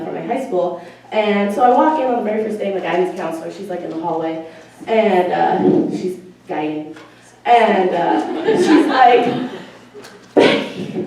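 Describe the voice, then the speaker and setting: A woman's voice: medium pitch, darkish tone. A young woman performing a stand-up comedy set, swearing freely and laughing at her own jokes. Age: young adult. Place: university comedy show stage. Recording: echoey room, mic heard from a distance.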